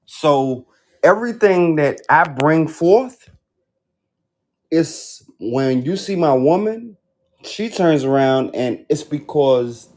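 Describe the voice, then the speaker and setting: A man guest-hosting a podcast, making his points slowly and deliberately in a preacher-like way during a heated casual debate. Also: fairly high pitch. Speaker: guest host.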